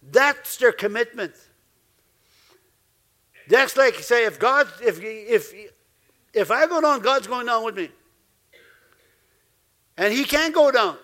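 A man preaching a sermon as pastor, lively, laughing now and then and acting out the voices he quotes. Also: very high voice, slow pace, long pauses.

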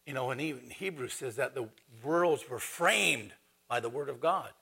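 A man preaching with a gravelly, husky edge to his voice. His delivery is conversational and animated, with lively swings in pitch. The tone is bright and forceful. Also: moderate pace. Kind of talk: sermon.

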